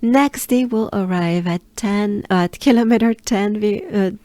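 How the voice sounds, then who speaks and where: A French woman with a French accent teaching pronunciation, repeating sounds to demonstrate and sometimes dropping into a breathy near-whisper to explain. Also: medium pitch, unhurried, dark tone, no room sound. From France. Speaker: pronunciation coach. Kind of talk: pronunciation lesson.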